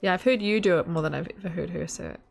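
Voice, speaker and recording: Woman streamer, low and gravelly, rambly and giggly; casual live-stream chat over gameplay. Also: rapid-fire.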